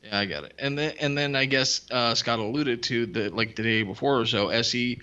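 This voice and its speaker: A man's voice: mid-range voice, a little fast, pushed and bright, smooth. Lo-fi, rambling young man co-host. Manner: rambling storyteller, laughs and swears. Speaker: podcast co-host. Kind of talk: profane casual commentary chat.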